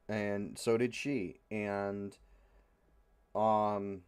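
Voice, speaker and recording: A man's voice: lowish voice, a little slow, pauses often, darkish tone. A young man hosting a casual podcast, rambling and frustrated, with many fillers and free swearing. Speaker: podcast host. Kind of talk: casual opinionated chat.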